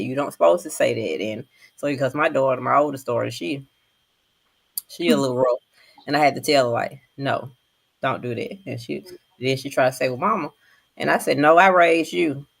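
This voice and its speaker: A woman's voice: a bass voice, vocal fry, slightly rough. An older woman, telling family stories in casual chat, acting out the voices of the people in them. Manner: animated storytelling with voiced quotes. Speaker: panelist.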